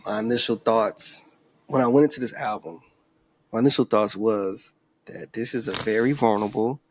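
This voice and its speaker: A man co-hosting a podcast who talks casually and often trails off into quiet asides. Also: fairly low pitch, moderate pace. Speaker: podcast co-host. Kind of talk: casual chat.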